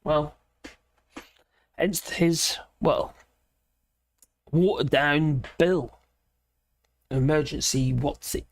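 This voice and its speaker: A hoarse woman with a British accent hosting a casual live political chat, laughing often and greeting viewers by name. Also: low-pitched, drawn-out words, long pauses, no echo. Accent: British English. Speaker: livestream host.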